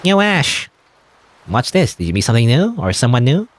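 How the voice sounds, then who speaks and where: A man's voice: medium pitch, very animated, moderate pace, a little hiss or hum, close to an everyday voice. A man voicing a bubbly, insistent schoolgirl classmate in a game he reads aloud. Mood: chirpy. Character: pushy, chirpy schoolgirl classmate.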